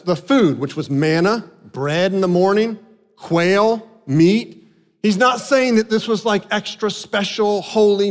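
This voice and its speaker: A man preaching a sermon in an animated way, acting out the voices of the people he quotes. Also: sits high, long reverb tail. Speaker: pastor.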